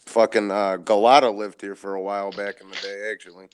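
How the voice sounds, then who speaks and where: Crude, offhand co-host, low clear voice. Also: male voice, little pitch movement, fairly quick. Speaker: podcast co-host. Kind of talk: casual podcast banter.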